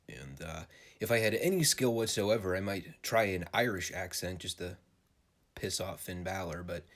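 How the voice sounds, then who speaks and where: Man, lowish voice, podcast host, casual solo commentary, joking, swears a bit, lots of filler words.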